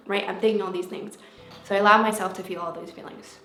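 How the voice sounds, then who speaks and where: A woman vlogger telling a personal story to camera in a casual, animated way, acting out what was said. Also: mid-range voice, a little fast, creaky. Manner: animated, acts out quotes in changing voices. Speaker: vlogger and life coach. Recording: echoey room with faint background music.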